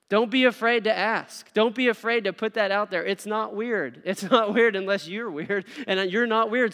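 A man in his thirties giving an energetic, playful sermon as a youth pastor, laughing often and acting out little dialogues. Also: sits high, clean tone. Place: church sanctuary. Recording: long hall reverb.

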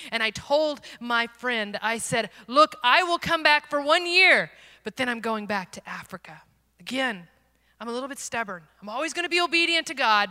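A woman giving an earnest, self-deprecating testimony as a missionary speaker, swinging from loud to hushed. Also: a little high. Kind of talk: personal testimony sermon. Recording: long hall reverb.

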